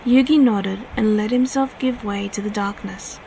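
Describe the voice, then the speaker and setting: A woman reading her own fanfiction aloud at a steady pace, now and then correcting herself. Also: mid-range voice, moderate pace, creaky, a little hiss or hum, rough recording.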